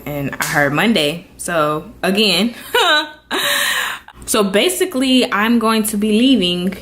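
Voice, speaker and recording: A young adult woman vlogging to camera, telling a personal story with earnest, animated delivery and acted-out quotes. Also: medium pitch, slow pace, slight background noise. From Florida.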